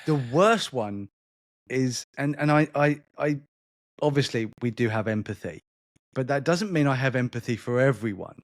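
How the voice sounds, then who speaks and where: A man's voice: medium pitch, expressive, normal speed, no echo, clean studio sound. A man co-hosting a podcast in casual chat, with an accent between London and polished English, rambling and restarting his sentences. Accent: London mixed with a more polished English. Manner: rambling, repeats words and restarts often. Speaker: podcast co-host.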